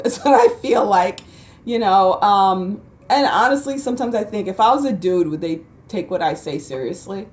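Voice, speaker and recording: A woman hosting her own channel, giving chatty, animated spiritual commentary to camera and laughing often. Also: medium pitch. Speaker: channel host. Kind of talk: casual spiritual commentary vlog.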